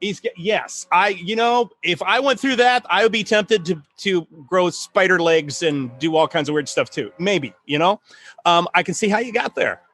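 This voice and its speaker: A middle-aged man hosting a casual chat on writing, telling stories in an animated way with laughs and many restarts. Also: sits high, normal speed. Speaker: podcast host, writing coach.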